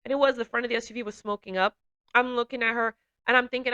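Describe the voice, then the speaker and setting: A woman recounts a personal testimony in a bright, clear-toned voice. She speaks earnestly and haltingly, with fillers and restarts. Her telling is heartfelt and emotional. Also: on the high side, steady tone, muffled recording. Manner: grows emotional while recounting.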